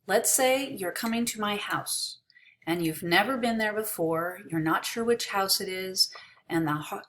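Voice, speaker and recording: Woman english teacher, takes her time, explains things clearly. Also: medium pitch, a bit bright. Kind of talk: ESL lesson.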